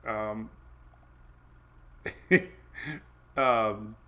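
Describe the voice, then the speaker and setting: A man's voice: on the low side, fairly even intonation, drawn-out words, sharp tone, smooth. A man hosting a casual weather livestream from home, chatty and laughing often while his dogs run around.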